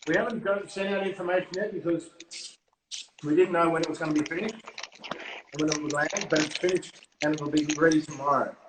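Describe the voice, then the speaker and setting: An upbeat man, a guest promoting his product in a casual live-stream chat. His voice sits a little high for a man. He is recorded in a roomy, echoey space with faint background hiss. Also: fairly even intonation, a little fast, long pauses.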